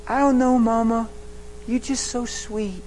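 A male preacher voicing a small girl who speaks earnestly and haltingly to her mother. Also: extremely high pitch, fairly even intonation, darkish tone, slight background noise, voice pushed up, poor audio. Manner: hesitant, childlike pleading.

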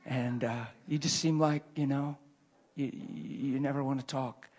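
Husky-voiced man preaching a story. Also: medium pitch, unhurried. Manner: swings from hushed murmurs to loud excited bursts. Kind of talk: sermon storytelling.

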